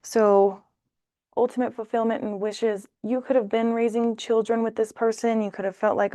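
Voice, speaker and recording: A woman giving a casual tarot reading to camera, talking in a chatty, animated way and acting out short bits of dialogue. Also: fairly high pitch, moderate pace, no room sound. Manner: chatty, animated, acts out little voices. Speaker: tarot reader.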